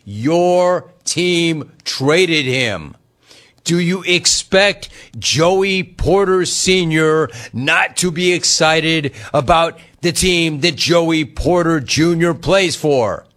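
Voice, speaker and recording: A man's voice: fairly high pitch, very slow, fairly bright tone. A sports talk host, a man with a slightly raised voice, needles opposing fans with a mocking, amused delivery. He keeps reading listener messages off the chat as he goes. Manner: mocking, teasing, laughing at callers; reads chat messages aloud. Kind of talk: sports talk radio commentary.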